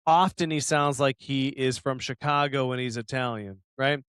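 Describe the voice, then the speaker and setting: A man's voice: mid-range voice, normal speed, fairly bright tone, clean tone, no echo. A man hosting a podcast, casual chat, telling rambling stories full of swearing and laughter. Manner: rambling storyteller, swears a lot, laughs often, mimics people. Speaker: podcast host.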